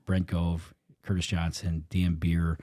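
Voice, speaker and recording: A man's voice: slow pace, dry recording, studio quality. A middle-aged man, a real estate coach, telling a story in casual talk and acting out the voices of the people in it. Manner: animated, acts out dialogue, swings between low and high.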